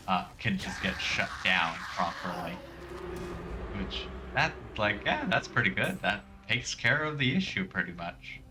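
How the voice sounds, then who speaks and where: A man streaming a game, talking casually and rambling off on tangents. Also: deep voice. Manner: rambling and tangent-prone, heavy use of "like". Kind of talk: casual gameplay commentary.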